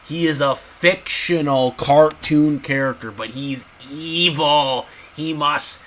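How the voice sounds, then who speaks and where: Man, YouTube commentator, bright voice, repetitive, emphatic, casual commentary. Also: fairly high pitch, slow, hardly any pauses, poor audio. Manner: repetitive, emphatic, addresses viewers as guys.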